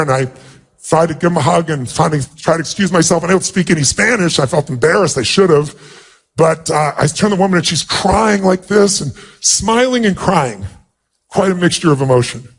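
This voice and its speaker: A man's voice: fairly high pitch, normal speed, gravelly, slightly rough. Earnest man telling a heartfelt story. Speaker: motivational speaker. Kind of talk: personal storytelling talk.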